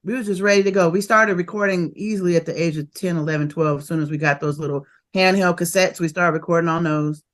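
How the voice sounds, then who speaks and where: A woman, a rapper telling stories of her early career in a casual interview, animated and quick to laugh. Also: fairly low pitch. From Oakland, California. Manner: animated and laughing, fast bursts of memories.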